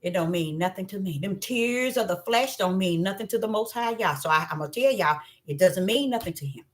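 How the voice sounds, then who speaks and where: A woman preaching an animated sermon, who acts out voices and swings between low murmurs and loud cries. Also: a little fast. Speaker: self-styled prophetess. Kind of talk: preaching monologue.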